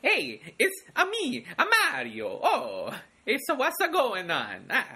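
A man mimicking a jolly cartoonish Italian plumber with an over-the-top mock accent, his voice pushed higher than his usual talk. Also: wildly swooping pitch, takes it slowly, gravelly, bright, forceful tone, slightly rough, heavily acted. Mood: goofy.

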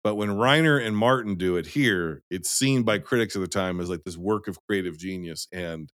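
A man co-hosting a casual film discussion podcast, emphatic and animated, swearing now and then. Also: deep voice, moderate pace, no room sound, studio quality.

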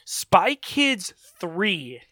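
Casting: high, bright male podcast host, sarcastic, dry close mic. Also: sing-song, extremely slow, dry recording. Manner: sarcastic, laughing, mimics characters in squeaky voices. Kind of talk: casual movie review chat.

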